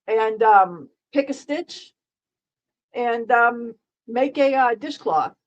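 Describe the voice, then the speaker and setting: A woman's voice: fairly high pitch, lively intonation, takes it slowly, dull audio. A middle-aged woman streaming live, chatting casually in a dry, sarcastic, rambling way with frequent restarts.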